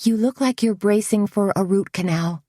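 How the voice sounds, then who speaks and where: A woman's voice: mid-range voice, moderate pace, mellow, dry recording, clean studio sound, pitched above the performer's own voice, natural voice. A woman voicing an eager, gushing woman shop assistant in a storybook reading. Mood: encouraging. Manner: gushing, urging.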